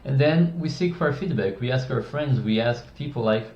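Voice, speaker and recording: A man's voice: medium pitch, animated, normal speed, darkish tone. A man giving communication advice to camera in a casual, blunt, opinionated way, often restarting his sentences. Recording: echoey, dull-sounding room.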